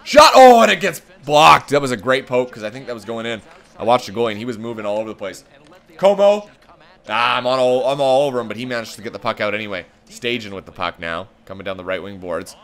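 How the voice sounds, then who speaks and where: Man, let's play commentary, lively pitch, bright tone, play-by-play calls, swears when frustrated. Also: quick pace. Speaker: gaming channel host.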